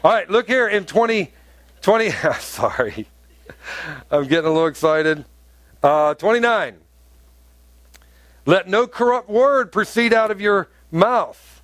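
Pastor guy preaching hard, high voice, gets fired up. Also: unhurried, pauses often, no echo. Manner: animated preaching, rising to emphatic peaks. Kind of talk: sermon.

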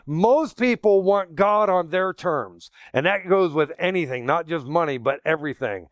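A man preaching a sermon in a casual, animated way, acting out quoted voices as he goes. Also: fairly high pitch, normal speed, hardly any pauses, no echo. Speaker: pastor.

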